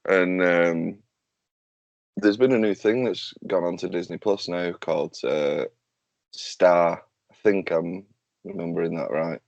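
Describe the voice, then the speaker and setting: A man's voice: low-pitched, measured pace, vocal fry, darkish tone, no echo, lo-fi sound. A man hosting a casual podcast chat, loose, sweary and joking. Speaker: podcast host.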